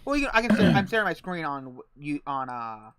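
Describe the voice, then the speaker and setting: A man with a fairly high voice hosts a casual group stream. He is easygoing and narrates his scrolling as he goes. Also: sing-song, quick pace, fairly bright tone, smooth, dry recording. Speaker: stream host sharing screen.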